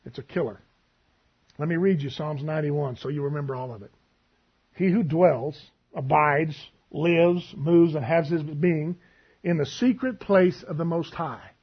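A man preaching a sermon, telling stories and acting out both sides of a conversation in a husky voice. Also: on the high side, a little slow, dull audio.

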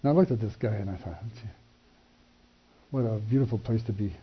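An older man telling a personal testimony, acting out the dialogue with animated shifts in voice and chuckling between lines. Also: fairly low pitch, fairly quick, breathy edge. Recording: dull lo-fi recording.

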